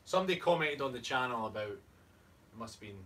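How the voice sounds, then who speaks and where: Lively bright Scottish man. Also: medium pitch, fast talker. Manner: playful, jokey storyteller. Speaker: co-host, fitness coach. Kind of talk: casual chat. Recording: distant mic, faint room noise.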